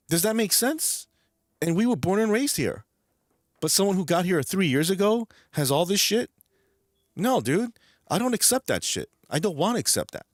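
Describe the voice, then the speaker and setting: A man's voice: on the high side, no echo, studio quality. A man with a New York accent hosting a livestream, ranting angrily with heavy profanity and stumbling repetitions. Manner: angry, profane, repeats words. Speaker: livestream host. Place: home streaming room.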